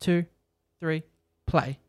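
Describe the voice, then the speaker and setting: Man, commentary host, casual, slightly high voice, explains and organizes. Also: steady tone, extremely slow, no room sound, studio quality. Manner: organizes the group, talks through setup. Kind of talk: casual movie commentary with friends.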